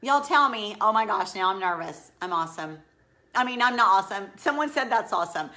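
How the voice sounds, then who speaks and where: A woman's voice: fairly high pitch, sing-song, fairly quick, sharp tone. A middle-aged woman, a furniture painter chatting casually on a live stream, rambling as she works and reading viewer comments aloud. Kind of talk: casual live-stream chat while demonstrating a craft.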